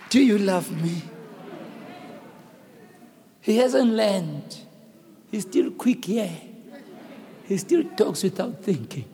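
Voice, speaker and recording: A man preaching a sermon, swinging between shouted, sung phrases and hushed speech. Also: sits high, gravelly, slight background noise. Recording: long hall reverb.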